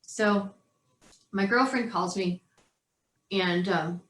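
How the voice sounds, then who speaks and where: A woman in her forties telling a story in an animated way and acting out the voices of others as an interview guest. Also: mid-range voice, slow, reverberant, rough recording. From California.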